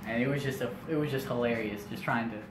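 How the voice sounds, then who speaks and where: Young guy telling a funny story about his family, chatty and animated, roomy echo. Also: mid-range voice, quick pace, recorded from a distance. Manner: animated, lots of filler asides. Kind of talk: comedic storytelling. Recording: echoey room, faint noise.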